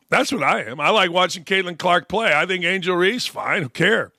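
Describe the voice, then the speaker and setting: A man's voice: sits high, expressive, normal speed, hardly any pauses, pushed and bright, no room sound, studio quality. A man hosting a sports talk show, giving blunt, sarcastic and mocking opinion commentary.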